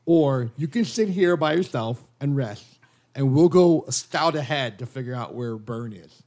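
A man's voice: medium pitch, expressive, moderate pace, a little mellow. A man playing a tabletop game, asking questions and thinking aloud. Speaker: player.

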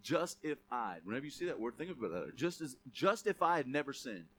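A man's voice: medium pitch, very animated, fast talker, fairly bright tone, slightly rough. A man preaching a sermon, conversational and then emphatic, calling on the church to repeat key words. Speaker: pastor.

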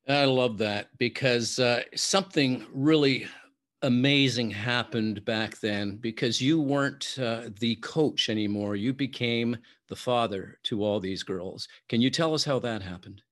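A man interviewing a guest, framing long questions haltingly with many pauses and fillers. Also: medium pitch, a bit bright.

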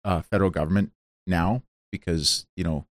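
A man's voice: deep voice, fairly even intonation, moderate pace. A man hosting a talk show, chatting with a guest, agreeing often and speaking with many fillers and restarts. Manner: affirming listener, frequent fillers and restarts. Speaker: show host. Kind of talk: casual interview chat.

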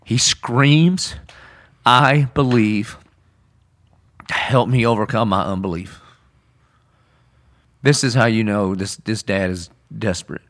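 A man's voice: lowish voice, measured pace. A man, a pastor, talking through a Bible story in conversation, earnest and casual, acting out quoted lines with rising intensity. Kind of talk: sermon-style podcast discussion.

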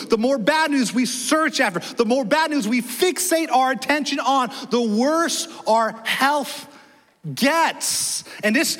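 A man in his thirties preaching a sermon as a pastor, chatty and energetic, often asking the congregation questions. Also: very high voice. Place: church auditorium. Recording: long church hall reverb.

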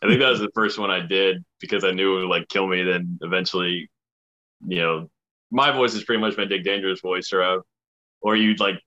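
A man's voice: sits low, steady tone, brisk, bright, forceful tone, highs cut off. A man, an animator who voices his own cartoon characters, chatting casually and laughing often. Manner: laughs often, loose rambling delivery. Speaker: animator and voice actor. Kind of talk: casual chat.

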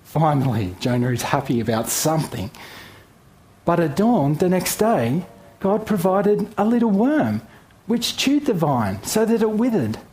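A man's voice: on the high side, big pitch swings, unhurried, a little mellow. A man teaching through a Bible story, reading verses and adding playful, joking asides.

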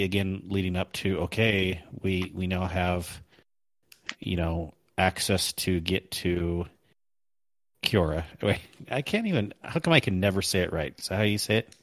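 A man's voice: low-pitched, fairly bright tone, no echo. A man co-hosting a casual gaming podcast, rambling and correcting himself as he recalls story missions. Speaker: podcast co-host.

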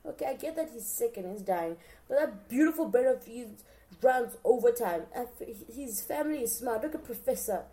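A woman talking casually as a podcast host, chatty and expressive, often addressing her listeners directly. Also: a little high, normal speed. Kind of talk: casual show recap chat.

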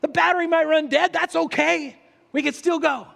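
A man's voice: very high-pitched, steady tone, normal speed, creaky, a bit bright, voice pushed up, exaggerated voice. A man voicing a cheerful, encouraging male friend who rallies others on. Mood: rallying. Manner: cheerful, rallying. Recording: long reverb of a large hall.

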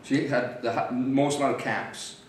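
A man's voice: medium pitch, fairly even intonation, normal speed, slight background noise. A man from England, a podcast guest talking hesitantly with many fillers. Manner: hesitant, filler-heavy storytelling. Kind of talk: casual podcast chat. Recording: echoey warehouse, mic at a distance.

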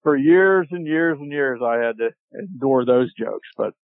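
A man telling a long hunting story as a podcast guest, animated and laughing as he goes. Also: mid-range voice, measured pace, no room sound. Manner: animated, laughs while telling, acts out shouted quotes. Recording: tinny dry phone-line audio.

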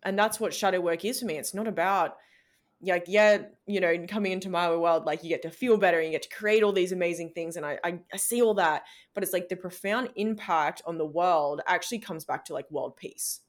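A woman's voice: lowish voice, brisk. A woman podcast guest who coaches shadow work coaches, talking candidly in a casual interview, with plenty of "like" and the odd swear word.

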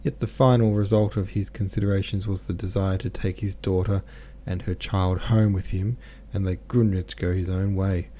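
Guy narrating a classic novel, low mellow voice, steady even reading. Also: a little hiss or hum. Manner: measured, even storytelling. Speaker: audiobook narrator. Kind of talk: scripted literary narration.

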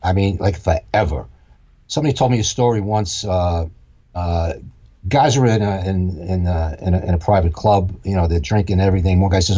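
A husky male host speaks in a halting, casual way, repeating words as he goes. His pitch moves a lot, and the recording sounds dull and a little lo-fi. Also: big pitch swings, warm tone. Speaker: podcast host. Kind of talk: casual conversational storytelling.

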